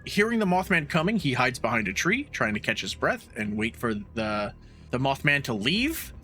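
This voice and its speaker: A man's voice: mid-range voice, very animated, normal speed, pushed and bright, soft background music. A man co-hosting a podcast, recapping a bad movie's plot with sarcastic, blunt, swearing commentary. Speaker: podcast co-host. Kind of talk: casual movie recap chat.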